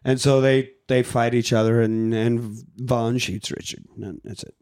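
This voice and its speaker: A man's voice: mid-range voice, measured pace, clean tone. A man on a podcast, casually recapping a film's plot, acting out the characters' lines. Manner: animated retelling with acted-out lines, swearing. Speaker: podcast host. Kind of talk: casual movie recap chat.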